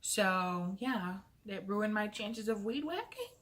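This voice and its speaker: A woman's voice: medium pitch, sing-song, slow pace. A young adult woman vlogger telling a casual storytime. She is chatty and playful, pokes fun at herself, and leans on "like" as she talks. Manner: chatty, fills talk with "like"; playful and self-mocking.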